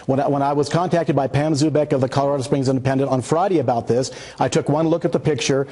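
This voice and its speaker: A man arguing as a guest on a cable news debate, combative and quick to talk over the host. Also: medium pitch, steady tone, dark tone. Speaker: guest advocate.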